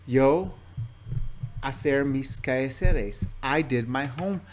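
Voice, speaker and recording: Male teacher, mid-pitched, patient, spells out word lists clearly for a class. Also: takes it slowly, noisy background. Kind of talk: recorded classroom presentation. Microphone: own microphone in front of him.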